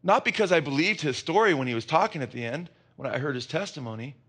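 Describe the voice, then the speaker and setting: This man's sermon is expressive and passionate, delivered quickly in a fairly bright tone that rises to emphatic highs. As pastor, he throws questions at the congregation, answers them on his own, and strays into rambling asides.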